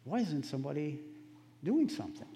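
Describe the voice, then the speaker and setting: A man preaching voices a bold young male shepherd, speaking high and urgent with disbelief. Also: very animated, a little fast, long reverb tail, noisy background. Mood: indignant. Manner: raised, urgent and incredulous.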